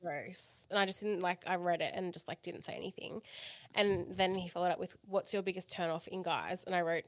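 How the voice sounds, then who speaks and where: A woman's voice: lowish voice, steady tone, fairly quick, no room sound. A woman co-hosting a casual podcast, rambling through a story with lots of fillers and swearing. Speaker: podcast co-host.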